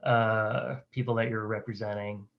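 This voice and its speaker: A man's voice: fairly low pitch, little pitch movement, moderate pace, creaky. Casual man moderating, slightly dull audio. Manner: casual, reads audience questions. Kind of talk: live online Q&A.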